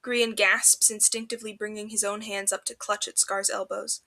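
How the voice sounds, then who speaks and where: A woman reading fanfiction aloud for a podcast, in an expressive storybook narration. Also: medium pitch, normal speed.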